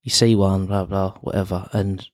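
A young man chats loosely on a podcast, starting sentences over and tacking on "isn't it?" as he goes. His voice sits at a middling pitch, and the recording is close and dry with no room sound. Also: flat delivery, normal speed, a little mellow, dry recording. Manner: rambling storytelling with many restarts and tag questions. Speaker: podcast co-host. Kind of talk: casual chat.

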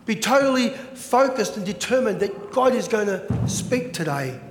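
A man preaching a sermon as pastor, animated and full of rhetorical questions. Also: high-pitched, normal speed, reverberant, in a large hall, noisy background.

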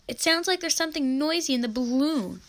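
An eager young boy from a children's storybook, voiced by a woman reading aloud. He talks high and bright, exclaiming with excitement. A faint hiss sits under the voice. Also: fairly quick. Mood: excited.

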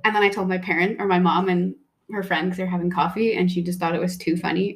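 A woman's voice: on the low side, steady tone, fast talker. Casual swearing young woman chatting. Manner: casual, swears freely, acts out quotes in storytelling. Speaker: podcast co-host. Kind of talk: casual chat.

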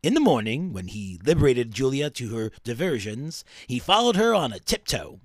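Radio countdown host, put on by a man: announcer cadence, dramatic reading, lively swings, dry sound. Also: medium pitch, moderate pace, no echo. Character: old-time radio countdown host, male, smooth.

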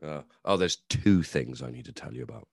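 A man with a fairly low voice that swings up and down a lot, talking in a sweary, jokey way on a casual podcast. The sound is dry and close. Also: big pitch swings, fairly quick, vocal fry, darkish tone, slightly rough, no room sound. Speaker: podcast co-host.

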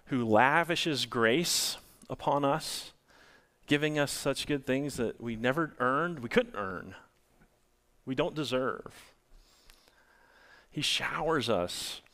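A man's voice: mid-range voice, fairly bright tone. A male pastor preaching a sermon, asking the congregation rhetorical questions.

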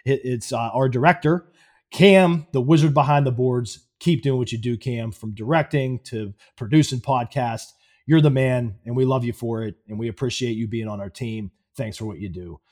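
A man's voice: medium pitch, normal speed, darkish tone. A man co-hosting a podcast in loose, profane banter, worn out from long workdays. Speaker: podcast co-host.

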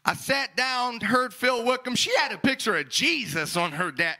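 A young male pastor telling a story in a sermon, acting out dialogue with loud, animated outbursts. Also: very high-pitched, normal speed.

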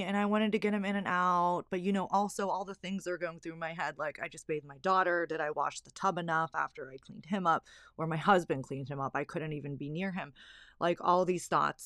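A woman's voice: on the low side, fairly bright tone, clean tone, no echo, studio quality. A young woman, a stay-at-home mom, candidly telling a personal story with lots of fillers. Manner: candid, emotional, filler-heavy.

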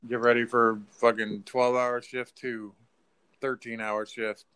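A man co-hosting a podcast, chatting casually about a film, swearing freely and acting out lines in a high mocking voice. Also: little pitch movement, a little slow, a bit bright, clean tone. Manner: loose, profane, acts out lines in a high mocking voice. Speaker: podcast co-host. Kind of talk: casual movie review chat.

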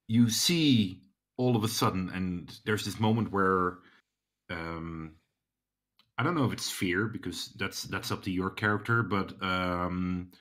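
Deep, slow male game master, halting narration full of fillers. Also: fairly bright tone. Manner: slow, hesitant, many fillers.

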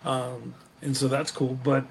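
A man's voice: medium pitch, level tone, unhurried, gravelly, husky. A man hosting a casual chat, talking loosely with many fillers. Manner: loose, hesitant, full of fillers. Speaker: host.

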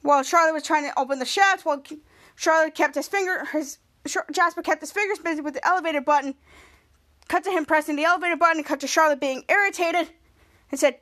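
High-voiced woman recapping a TV episode. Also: fast talker, a bit bright. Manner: reads quoted lines in a livelier voice, many restarts. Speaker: podcast host.

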